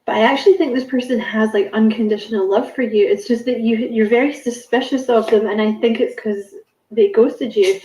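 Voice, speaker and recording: A woman's voice: a little high, steady tone, a little fast, dark tone, echoey room, rough recording. A woman giving a casual spiritual card reading to camera, musing and rambling with many fillers and self-corrections. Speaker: tarot card reader.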